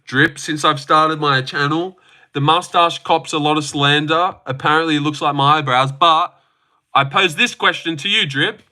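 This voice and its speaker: A man's voice: on the high side, steady tone, normal speed, sharp tone. A young man hosting a casual live stream from his phone, joking, swearing now and then and answering chat comments.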